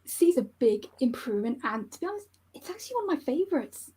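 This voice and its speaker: A woman joining a casual chat as a guest, quick and playful. Her voice is high and a little husky, and it moves up and down a lot as she talks. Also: very animated, dark tone.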